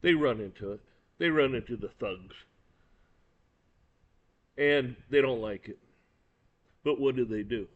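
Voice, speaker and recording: A man's voice: mid-range voice, unhurried, pauses often. Man ranting his opinions, blunt and cursing, on a lo-fi recording. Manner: blunt, profane, angry, repeats words. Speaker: commentator. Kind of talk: opinion rant. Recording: dull lo-fi recording.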